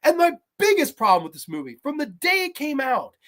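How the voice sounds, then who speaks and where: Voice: huge pitch swings, a little fast. Foul-mouthed, sarcastic horror movie ranter. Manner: profane, sarcastic ranting; swings from low grumbles to loud mocking shouts. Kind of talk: ranting movie review.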